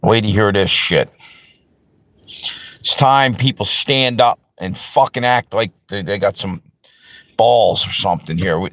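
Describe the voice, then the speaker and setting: A man's voice: lowish voice, unhurried, pauses often, fairly bright tone. A man hosting a live stream, ranting angrily and profanely in a heated, rambling way to his viewers. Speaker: livestream host. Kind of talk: angry livestream rant.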